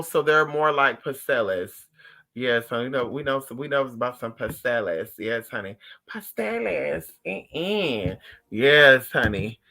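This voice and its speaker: Guy livestreaming, bright sharp voice, sassy and swearing a lot while telling stories to chat. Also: mid-range voice. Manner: animated, profane and sassy storytelling. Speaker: livestream host. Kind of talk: casual chat with viewers.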